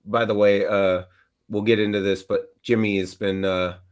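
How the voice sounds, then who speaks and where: A man's voice: lowish voice, flat delivery, normal speed. A middle-aged man co-hosting a live stream, chatting casually with lots of fillers. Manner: rambling, filler-heavy. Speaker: co-host. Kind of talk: casual chat.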